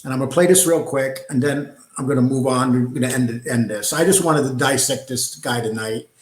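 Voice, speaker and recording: A man's voice: mid-range voice, brisk. A man hosting reaction commentary in a scornful, dismissive way. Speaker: commentary channel host. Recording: echoey room.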